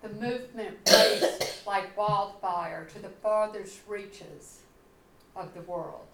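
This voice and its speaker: A woman pastor preaching a sermon, telling the story slowly and dramatically. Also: mid-range voice, fairly bright tone, reverberant, slight background noise, poor audio. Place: church sanctuary.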